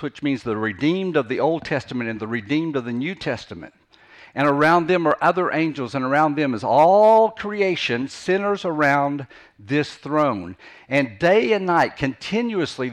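A man preaching an unscripted teaching sermon, earnest, often repeating phrases for emphasis and restarting his sentences. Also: fairly high pitch. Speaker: pastor.

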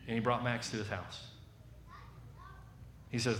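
A man with a Southern American accent preaching a sermon as a lively storyteller, acting out the voices of the people in his story. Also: mid-range voice, a little slow, roomy sound, a little hiss or hum.

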